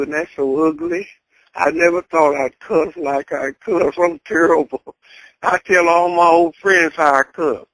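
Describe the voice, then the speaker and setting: A woman's voice: on the low side, a bit bright, dry recording, rough recording. An older grandmother telling her story in a blunt, candid way and chuckling as she talks. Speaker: interviewee. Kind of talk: casual storytelling.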